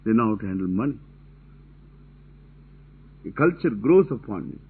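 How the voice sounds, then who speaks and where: A man's voice: on the low side, very animated, normal speed, husky. A man giving a religious discourse, talking emphatically and repeating his key phrases with casual asides. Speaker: spiritual teacher. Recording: tinny narrow-band lo-fi recording.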